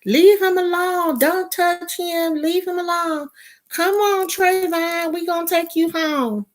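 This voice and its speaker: A woman voicing young schoolgirls who shield a bullied boy, pleading in high, shrill voices. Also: fairly even intonation, takes it slowly. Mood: protective, pleading.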